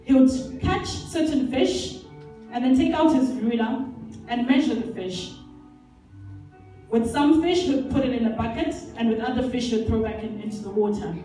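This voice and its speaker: A woman addresses a conference with an earnest, emphatic motivational talk drawing on Bible examples. She repeats key phrases for weight. Her voice is high and mellow, caught from a distance in a very echoey hall with faint music. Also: moderate pace. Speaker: conference speaker. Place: large indoor leisure centre hall.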